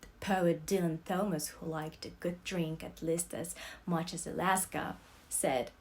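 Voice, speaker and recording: Slow, expressive young woman reading. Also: lowish voice. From Russia. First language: Russian. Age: young adult. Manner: expressive, swings between loud outbursts and soft whispers. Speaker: student reader. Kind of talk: dramatic reading of a novel excerpt.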